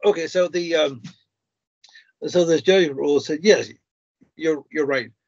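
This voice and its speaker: A man appearing as a guest on a talk show, explaining slowly and hesitantly with frequent fillers and restarts. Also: on the high side, no room sound. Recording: dry dull lo-fi sound.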